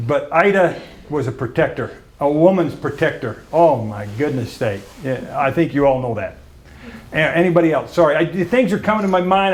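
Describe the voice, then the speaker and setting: A man's voice: a little high, a little mellow. A man speaking off the cuff at a memorial, rambling and correcting himself as memories come. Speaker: religious group leader.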